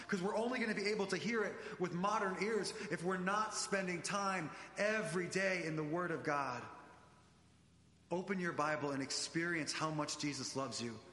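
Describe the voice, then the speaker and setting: Animated man preaching in echoey church. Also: sits high, normal speed. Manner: animated, addresses congregation directly. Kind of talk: sermon.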